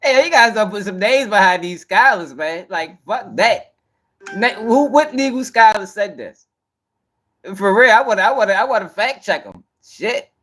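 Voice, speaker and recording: A man's voice: sits high, animated, normal speed, fairly bright tone. A man hosting, reacting to a clip in blunt, profane, mocking casual talk. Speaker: host.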